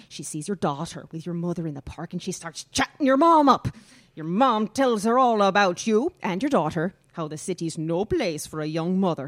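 A brash, talkative police lieutenant, as an actor plays him in an audio drama. He swings his pitch up and down a lot and spins his account in a breezy, slangy manner. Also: lightly acted.

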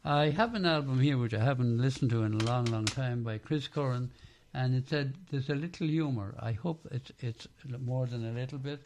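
A man's voice: mid-range voice, moderate pace, darkish tone, a little hiss or hum. A man presenting a radio show, chatting easily between records.

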